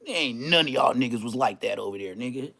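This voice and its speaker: A middle-aged man rants on his vlog, taunting rivals in heavy street slang with a boastful swagger. His pitch swings widely, jumping high for mocking jabs and dropping low for muttered asides. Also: lively intonation, fast, gravelly, pushed and bright. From Inglewood, California. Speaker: vlogger. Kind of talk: trash-talking vlog rant.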